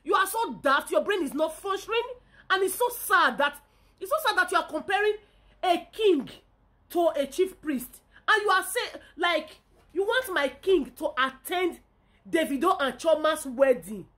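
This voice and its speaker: A woman's voice: very high-pitched, expressive, moderate pace, a bit bright. A Nigerian woman from Edo State ranting in a reaction video, indignant and scolding, often repeating herself. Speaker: vlogger.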